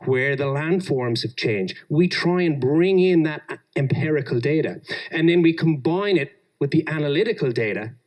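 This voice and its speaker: An Australian man giving a talk on engineering leadership, telling workplace stories and acting out the people in them. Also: on the high side. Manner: animated, acts out quoted people. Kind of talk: storytelling conference talk.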